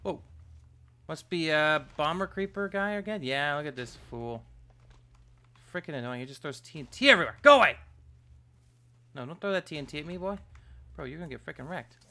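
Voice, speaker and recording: Gaming channel host, male, bright edgy tone, a bit high-pitched, excitable let's-play chatter that jumps to yelps. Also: fairly quick. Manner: excitable, yelps and trash-talks game enemies. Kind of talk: casual let's-play commentary.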